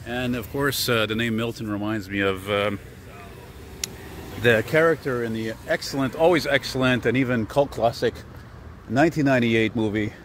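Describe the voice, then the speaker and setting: A man's voice: medium pitch, moderate pace, a little hiss or hum. A man rambling casually as he walks a city street, full of fillers and digressions. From Canada. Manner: chatty, digressive, filler-heavy. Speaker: vlogger. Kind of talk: rambling walking vlog.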